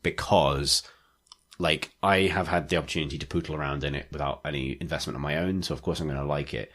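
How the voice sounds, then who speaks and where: Male podcast co-host, deep voice, loose rambling delivery. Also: fairly even intonation, quick pace, a bit bright. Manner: rambling, full of "like" fillers. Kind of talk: casual chat.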